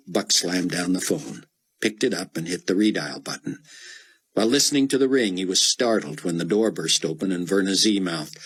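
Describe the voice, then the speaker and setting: A man narrating an audiobook in an even, steady storytelling manner. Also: deep voice, normal speed, husky, low-quality recording. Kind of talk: scripted narration.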